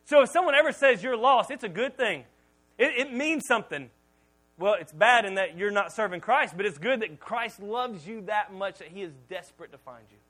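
Male pastor, high voice, lively storytelling sermon with jokes, stumbles over his starts. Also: low-quality recording. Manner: animated storytelling with humor; repeats words when starting sentences.

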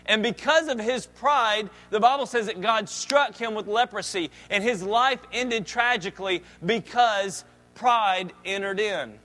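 A man's voice: high voice, unhurried, sharp tone. A man preaching a sermon as a pastor, reading scripture and explaining it in a conversational way with joking asides.

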